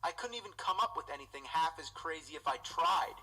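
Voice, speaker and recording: An actor playing a foul-mouthed, exasperated game critic, ranting incredulously through a scripted comedic review. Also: male voice, a little high, expressive, fairly quick, sharp tone, poor audio.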